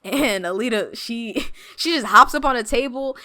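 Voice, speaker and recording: A woman podcast host recapping a graphic novel in casual chat, animated, often laughing and saying 'like'. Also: on the high side, moderate pace, no room sound.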